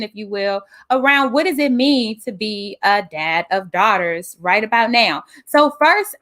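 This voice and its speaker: Woman host, high voice, playful, laughs a lot, teasing, video call. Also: fairly bright tone. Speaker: host, minister. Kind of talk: web talk show host.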